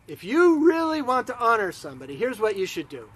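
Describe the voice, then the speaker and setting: A man's voice: huge pitch swings, brisk, a bit bright, heavily acted. A man putting on a vain scheming advisor. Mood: eager. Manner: eager, self-important pitch.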